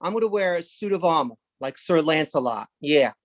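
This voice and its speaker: A man from Brooklyn, doing a rambling, deadpan stand-up set. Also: a little high, brisk, no room sound. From Brooklyn, New York. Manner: rambling, deadpan, with sudden loud jumps into put-on voices. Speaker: stand-up comedian.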